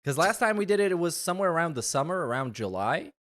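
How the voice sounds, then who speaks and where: A man co-hosting a podcast, rambling in relaxed, casual chat. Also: a little high, fast talker. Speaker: podcast co-host.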